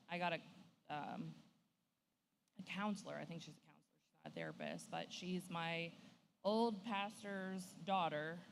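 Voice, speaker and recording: A woman's voice: lowish voice, vocal fry, slight background noise. Candid, laughing woman on a church panel. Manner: candid, laughing, acts out her own quotes. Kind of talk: personal sharing in a church panel.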